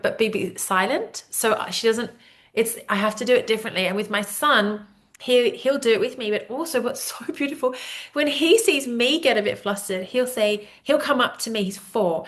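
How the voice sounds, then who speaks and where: A woman in her thirties hosting a casual podcast conversation over a video call, chatty and animated, laughing often as she tells stories. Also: on the high side. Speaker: podcast host.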